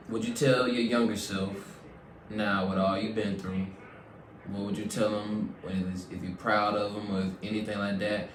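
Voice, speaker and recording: A man hosting a casual faith podcast, earnest and affirming, often repeating key words back. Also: fairly low pitch. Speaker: podcast host. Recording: roomy sound, mic at a distance, faint noise.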